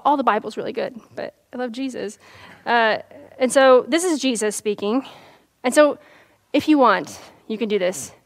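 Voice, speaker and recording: A woman's voice: a little high, no echo. Chatty woman preaching a sermon. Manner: conversational, storytelling with asides and laughs.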